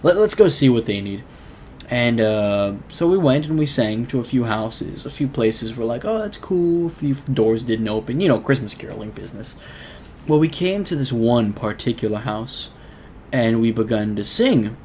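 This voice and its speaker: A man's voice: mid-range voice, normal speed, a little mellow, a little hiss or hum. A young man hosting his own show, telling a personal story in a rambling, earnest way full of fillers. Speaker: show host. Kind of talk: casual storytelling vlog.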